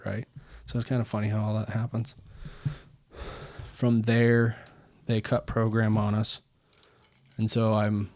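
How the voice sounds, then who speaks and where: Low flat-voiced man telling a story. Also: no room sound, studio quality. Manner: rambling, many "like" fillers. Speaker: podcast guest. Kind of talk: casual storytelling.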